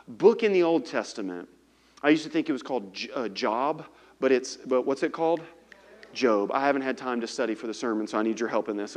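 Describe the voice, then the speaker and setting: Animated, joking male pastor preaching. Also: fairly high pitch. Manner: animated, joking, plays voices of biblical characters. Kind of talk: sermon.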